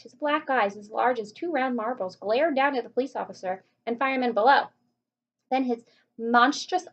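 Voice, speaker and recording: A woman reading a children's book aloud in an unhurried, lightly expressive way. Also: a little high. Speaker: reader. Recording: muffled lo-fi recording.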